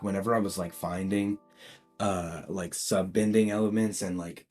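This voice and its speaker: A man with a deep, mellow voice who tells a fan-made story in a loose, rambling way, often saying "like" and restarting sentences. Faint music plays under his voice. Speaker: YouTube storyteller. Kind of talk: casual fan-story retelling.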